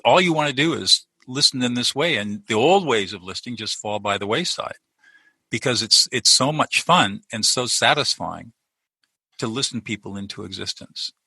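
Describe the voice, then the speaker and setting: Earnest man explaining, bright husky voice. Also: medium pitch, no echo, rough recording. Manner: earnest, explanatory, restarts mid-sentence. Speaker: guest, lawyer turned peacemaker. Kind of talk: conversational interview.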